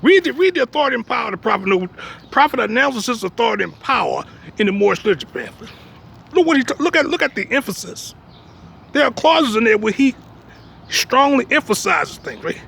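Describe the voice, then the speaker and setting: A man's voice: very high-pitched, big pitch swings, a little fast, vocal fry, a bit bright, a little hiss or hum. A man preaching in a blunt, emphatic way. He keeps asking "you understand me?" and drops streetwise jokes between points. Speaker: religious teacher. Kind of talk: preaching talk.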